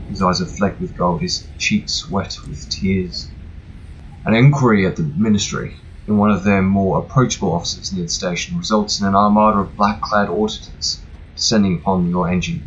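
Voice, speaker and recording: Gaming narrator, man, low voice, reads with flourish and cracks dry jokes, slightly tinny room. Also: a little hiss or hum. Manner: reads with mock-dramatic flourishes, dry joking asides. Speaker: gameplay narrator. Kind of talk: reading game text aloud with asides. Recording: faint music behind, slightly tinny room.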